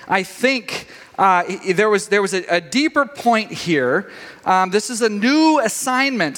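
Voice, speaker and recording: A middle-aged man preaching a sermon, telling a story with animated quoted voices. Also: high voice. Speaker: pastor. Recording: long reverb of a large hall.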